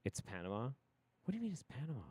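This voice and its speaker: A man hosting a livestream who gives profane, rambling, animated commentary. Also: mid-range voice, rapid-fire, husky, no room sound. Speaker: livestream host.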